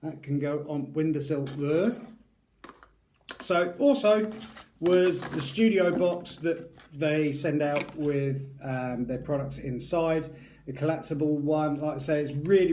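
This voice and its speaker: A man's voice: fairly high pitch, mellow, a little hiss or hum. Chatty man doing an unboxing review. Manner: rambling, chatty, jokey asides. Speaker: product reviewer.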